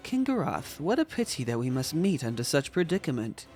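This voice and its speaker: A man's voice: medium pitch, big pitch swings, fairly quick, darkish tone, soft background music, natural voice. A man voicing a sneering zealot crusade leader. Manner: sneering, pious.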